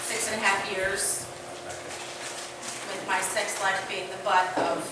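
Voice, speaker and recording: A middle-aged woman, a comedian's wife, giving a halting speech at a comedy show, full of fillers. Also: medium pitch, little pitch movement, heavy background noise. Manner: halting, with frequent fillers and laughs. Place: comedy club stage. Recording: echoey club from far off.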